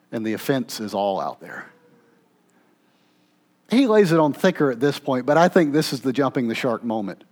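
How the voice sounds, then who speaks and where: A man preaching a sermon, moving between emphatic, raised passages and quiet, low asides, often checking in with the congregation with a conversational "okay?". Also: animated, moderate pace. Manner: conversational, with frequent "okay?" check-ins and restarts. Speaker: pastor.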